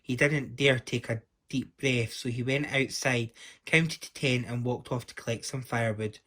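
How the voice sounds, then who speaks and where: A man reading a children's story aloud as the storyteller, lively and doing the voices. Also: medium pitch, moderate pace.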